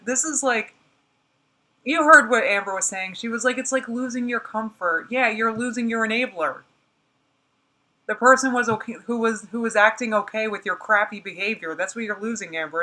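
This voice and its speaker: A woman with a New Jersey accent reacts to a livestream in a blunt, exasperated way. Her voice is bright, and she often laughs in the middle of her rants. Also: mid-range voice, moderate pace, rough recording. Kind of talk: casual reaction commentary.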